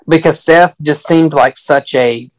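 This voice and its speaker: A man's voice: a little high, a little slow, rough recording. A man talking through a film in a casual chat, rambling earnestly with frequent restarts.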